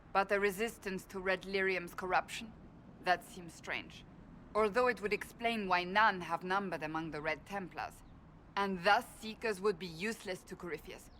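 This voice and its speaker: A woman's voice: mid-range voice, moderate pace, a bit bright, slight background noise, close to an everyday voice. An actress voicing a grim, resolute woman warrior in a video game, speaking in a firm, clipped and serious way. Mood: grave. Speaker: game character.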